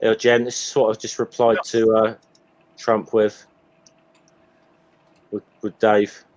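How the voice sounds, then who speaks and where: A man's voice: on the low side, flat delivery, takes it slowly, darkish tone. A man in casual group chat on a stream, talking hesitantly with many ums and restarts. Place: Hampshire home, voice call.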